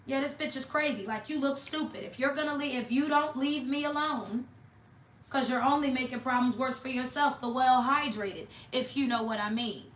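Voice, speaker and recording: A woman's voice: high-pitched, moderate pace, fairly bright tone, roomy sound. A woman doing a casual tarot reading for viewers, talking in a blunt, mocking, sassy way. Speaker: tarot reader.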